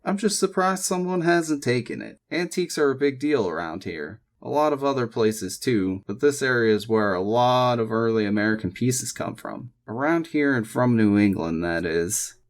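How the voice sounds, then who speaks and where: A man's voice: mid-range voice, normal speed, few pauses, lightly acted. A man voicing a polite, slightly shy female real estate agent in an audiobook reading. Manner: reads property details in a list.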